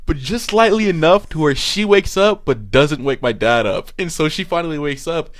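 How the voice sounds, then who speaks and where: Lively-voiced young man telling a story. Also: fairly high pitch, normal speed. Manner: animated, swearing, laughing through his story. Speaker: podcast co-host. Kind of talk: casual storytelling.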